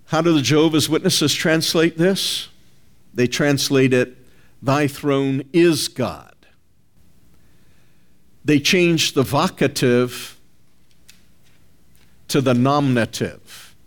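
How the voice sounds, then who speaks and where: A man preaching a sermon, emphatic and deliberate, reading scripture aloud and working through Greek phrases word by word. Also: medium pitch.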